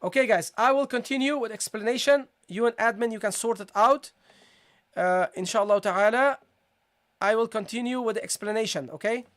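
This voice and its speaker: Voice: medium pitch, moderate pace. A Quran recitation teacher giving a live online tajweed lesson, patiently repeating syllables aloud and checking that viewers follow. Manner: addresses viewers as "guys" and checks understanding.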